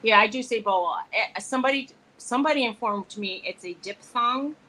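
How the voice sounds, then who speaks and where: Chatty, higher-pitched woman co-host. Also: normal speed, bright, forceful tone, poor audio. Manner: chatty, laughs easily, plays with pronunciations. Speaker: live show co-host. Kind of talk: casual chat between friends.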